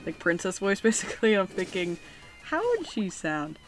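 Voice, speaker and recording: A woman's voice: medium pitch, normal speed, soft background music. A woman giving casual, joking commentary as she plays a video game, often laughing and reading game text aloud. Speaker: video game let's player.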